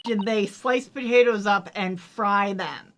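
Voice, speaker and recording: Quick-talking woman playing a game. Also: mid-range voice, noisy background. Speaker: game player. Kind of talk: casual let's play chat.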